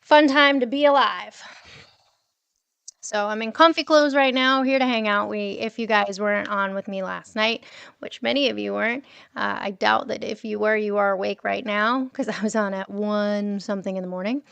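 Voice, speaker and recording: A woman's voice: medium pitch, fairly even intonation, moderate pace, creaky, fairly bright tone, clear, resonant tone, dry recording, dull audio. A woman hosting a casual morning livestream from home, chatting with viewers and reading their messages aloud, laughing often. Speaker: livestream host.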